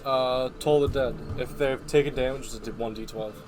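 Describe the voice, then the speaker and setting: A man's voice: mid-range voice, fairly even intonation, fairly quick. A young man playing a tabletop game, laid-back and swearing casually while explaining his spells. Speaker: player. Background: background music.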